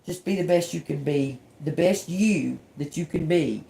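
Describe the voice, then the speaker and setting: A woman's voice: low voice, moderate pace, creaky, noisy background. A woman doing a casual live-stream tarot reading. She talks in an encouraging way, ends many lines with "okay?", often repeats and restarts words, and slips in joking, sarcastic asides. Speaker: tarot reader.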